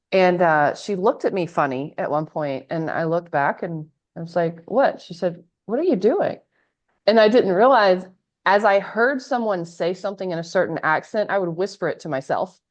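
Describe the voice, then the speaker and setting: Lively woman host, lower voice, dull audio. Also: moderate pace. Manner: animated storyteller, laughs often. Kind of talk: casual conversation. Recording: dull lo-fi sound.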